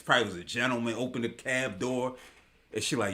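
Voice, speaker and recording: A man's voice: mid-range voice, fairly quick, bright, forceful tone. A man hosting a live online talk show, giving casual commentary in an emphatic, slangy way and repeating his points for effect.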